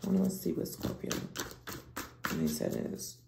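A woman with a low, gravelly voice talks through a tarot reading at an unhurried pace. She swings between hushed whispers and excited outbursts. The room is echoey, with steady noise behind her. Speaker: tarot reader. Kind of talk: casual tarot reading monologue.

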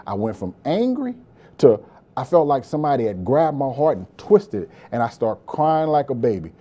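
A man's voice: mid-range voice, dark tone. A male pastor preaching a sermon with impassioned repetition, often calling out to listeners as beloved. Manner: impassioned preaching, frequent "beloved" and "praise God", repetitive emphasis.

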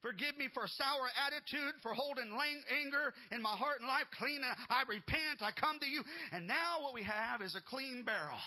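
A male pastor delivering a sermon in a high, piercing voice. He repeats his phrases and rises into shouts before dropping back to quieter talk. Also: normal speed, few pauses, rough recording. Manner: shouting bursts and quieter stretches, repetitive.

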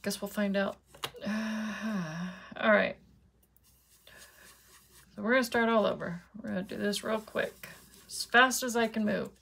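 Gravelly-voiced chatty woman crafter. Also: mid-range voice, fairly even intonation, unhurried, long pauses, a bit bright. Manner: chatty, talks to viewers while working. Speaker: card-making vlogger. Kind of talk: casual crafting tutorial.

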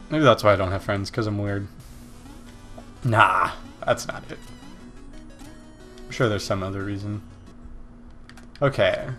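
A man's voice: on the low side, unhurried, long pauses, faint music behind. A man casually commenting on his own gameplay, yelping and swearing at his failures and mocking other gamers. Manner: excitable, yelps and swears at failures. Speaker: let's play gamer.

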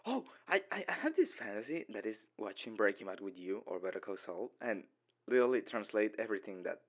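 A man's voice: on the low side, sing-song, brisk, highs cut off. Giggly young man. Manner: giggly, rambling, dorky. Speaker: boyfriend in audio role-play. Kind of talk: casual voicemail role-play.

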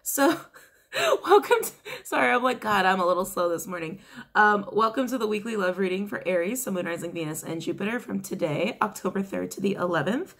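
A woman's voice: mid-range voice, fairly quick, fairly bright tone. A young woman, slightly congested after waking up, giving a chatty, rambling tarot reading to camera. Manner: chatty and rambling, with frequent fillers. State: congested, just woken up. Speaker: tarot reader.

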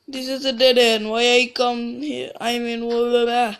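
A woman's voice: fairly high pitch, level tone, a little slow, hardly any pauses, slight background noise. A woman giving casual gameplay commentary as a let's play gamer, rambling and often restarting or trailing off mid-sentence.

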